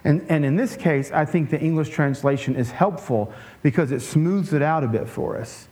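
A man preaching a conversational sermon in a relaxed way, with joking asides and frequent restarts. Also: a little high, normal speed, few pauses. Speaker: pastor.

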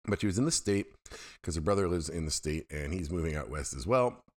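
Very deep-voiced middle-aged man rambling. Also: expressive, brisk. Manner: rambling, candid, self-deprecating. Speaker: podcast host. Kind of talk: casual solo monologue.

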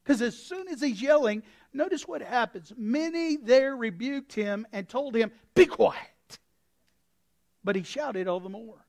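A male pastor preaching a sermon with a folksy, anecdotal manner, swinging from quiet asides to sudden shouts. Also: very high-pitched, animated, moderate pace, few pauses. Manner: impassioned, breaks into sudden shouts.

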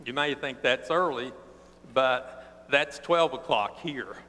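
A man preaching a sermon, telling a personal story in an earnest, plainspoken way and slowing down for emphasis. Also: mid-range voice, bright, forceful tone. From East Tennessee. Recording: long reverb of a large hall.

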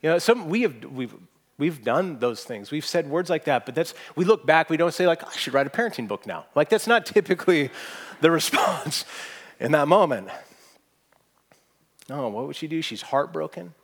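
A man's voice: on the high side, very animated, moderate pace. Earnest man preaching a sermon. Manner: earnest, rising to emphatic peaks and dropping to soft quoted asides. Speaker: pastor. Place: church hall with audience.

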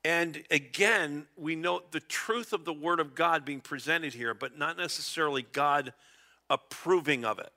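A man's voice: fairly high pitch, a little slow, pushed and bright. A middle-aged man preaching a conversational Bible-teaching sermon, chuckling often and acting out small dialogues. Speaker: pastor.

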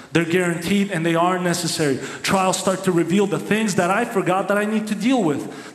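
A man preaching a sermon as a pastor, with emphatic, repetitive phrasing. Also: on the high side. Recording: echoey hall with long reverb.

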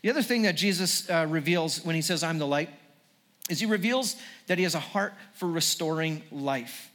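A male pastor delivers a sermon to a congregation. His high voice carries earnest emphasis, and he often repeats and restarts his phrases. The delivery builds steadily as he drives toward each point. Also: normal speed, a bit bright, in a large hall.

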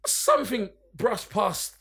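A man's voice: sits high, wildly swooping pitch, slow pace, vocal fry, crowd noise. A young man telling a long, rambling, sweary anecdote in casual chat among friends. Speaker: podcast storyteller.

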